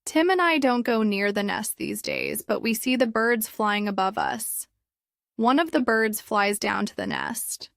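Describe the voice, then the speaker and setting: Slow, careful female storybook narrator. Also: a little high, huge pitch swings, fairly bright tone, no echo, studio quality. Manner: slow, clear, carefully paced reading. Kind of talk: graded reader story narration.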